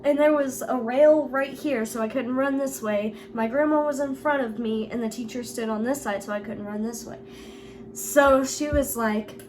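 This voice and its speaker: A woman's voice: on the high side, steady tone, normal speed, background noise. A young woman vlogger casually telling a school story, chatty and laughing often. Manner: giggly, laughs through the story; chatty with frequent "like" fillers.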